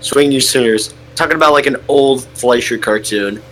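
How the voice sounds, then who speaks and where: A man's voice: medium pitch, normal speed, fairly bright tone, a little hiss or hum, low-quality recording. A young man chatting casually, joking and interrupting a story reading. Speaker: co-host listener. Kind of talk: casual chat.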